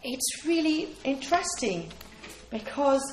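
Woman preacher, earnest, fairly high voice, roomy hall echo. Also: very animated, slow pace, a little hiss or hum. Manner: earnest, emphatic, repeats key phrases. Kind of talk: sermon.

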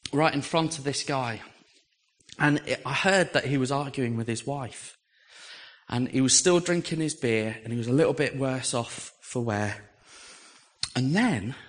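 An English man preaching, telling a personal story with lively, animated delivery and acting out the voices he quotes. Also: medium pitch. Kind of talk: storytelling sermon.

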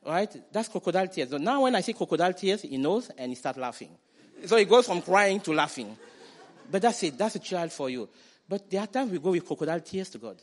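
Male preacher, slightly high pitch, animated sermon delivery that builds to loud declarations. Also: brisk. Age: adult parent. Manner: animated, acts out quoted voices, rises to loud declarations.

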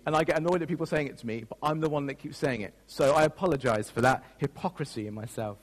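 A male pastor preaches a sermon in an earnest, emotional tone. He often restarts his sentences as he speaks. His somewhat high voice carries a long hall reverb. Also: fast, hardly any pauses.

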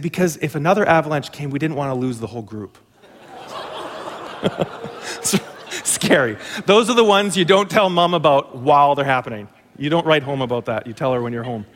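A man's voice: a little high, a bit bright, big-room sound. A male pastor telling a humorous, self-mocking story during a sermon.

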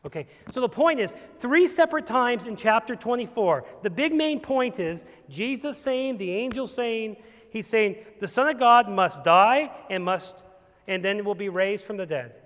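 A pastor delivers his sermon with a high-pitched voice that swells from hushed to forceful. He preaches as if to a congregation. The church gives every word a long echoing tail. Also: lively intonation, normal speed. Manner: emphatic preaching that swells from quiet to loud. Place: church sanctuary.

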